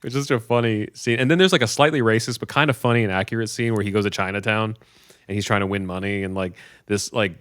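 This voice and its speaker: A man in his thirties, co-hosting a casual podcast chat, retelling movie scenes with lively acted-out voices. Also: quick pace, smooth, dry recording, studio quality. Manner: animated storyteller, acts out movie scenes in loud high voices. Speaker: podcast co-host.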